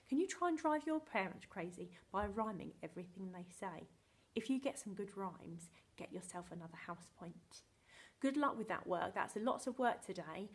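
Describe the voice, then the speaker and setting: Breathy teacher talking to small children. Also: female voice, medium pitch, animated. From England. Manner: cheerful, sing-song, talks slowly to small children. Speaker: primary school teacher. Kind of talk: remote lesson video for young children.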